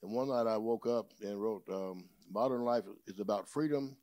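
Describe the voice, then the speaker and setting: A man speaking as a guest in a casual chat, measured and unhurried, with playful wordplay. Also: lowish voice, mellow, no room sound. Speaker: guest musician.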